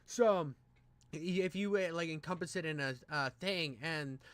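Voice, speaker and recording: A man's voice: a little high, measured pace, fairly bright tone, no echo. Rambling, crude young male streamer. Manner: crude, rambling, joking, heavy swearing. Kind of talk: casual reaction commentary.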